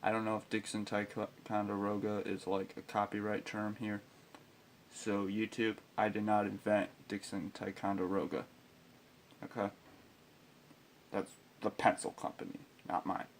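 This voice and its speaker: A young man telling an exasperated, profane story about school, breaking into loud outbursts. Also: lowish voice, completely flat delivery, measured pace, a little hiss or hum. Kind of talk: ranting storytime vlog.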